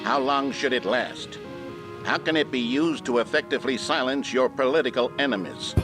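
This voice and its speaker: A man's voice: mid-range voice, normal speed, lightly acted. An actor playing an upbeat, earnest male announcer in an instructional film within a video game. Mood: cheerful. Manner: upbeat, earnest, mock-educational. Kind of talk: scripted narration. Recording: narration over clear music.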